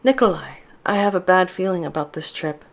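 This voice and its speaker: A woman reading as a nervous young Russian woman, her accented voice low and uneasy. She pleads quietly, fearful and tense. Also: expressive, brisk. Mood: worried.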